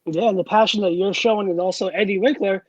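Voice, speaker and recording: Higher-pitched male co-host, eager and sweary, dry studio sound. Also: steady tone, fast, no room sound, dull audio. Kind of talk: casual chat.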